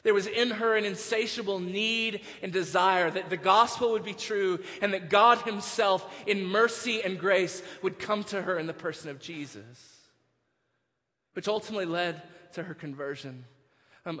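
Bright-voiced impassioned preacher in a hall. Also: male voice, high voice, moderate pace. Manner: swings from hushed storytelling to impassioned, near-shouted preaching. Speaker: pastor. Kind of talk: sermon.

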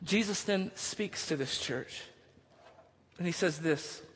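A man's voice: on the high side, a little slow, a bit bright, husky. A male pastor preaching a sermon, moving from casual storytelling into emphatic preaching. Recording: long hall reverb.

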